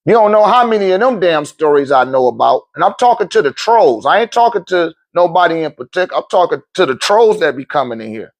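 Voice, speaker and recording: High-voiced, profane, scolding man. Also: fast talker, hardly any pauses. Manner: animated, swings between loud outbursts and low muttering; laughs often between phrases. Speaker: spiritual teacher and seller of metaphysical goods. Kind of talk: livestream rant to viewers.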